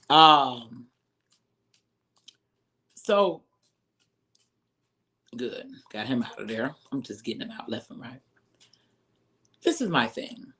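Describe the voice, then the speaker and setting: A commentator ranting about a reality show, heated and sarcastic, dropping from low mutters to sudden high exclaims. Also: very animated, slow, pauses often, a bit bright, breathy edge. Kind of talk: profane commentary rant.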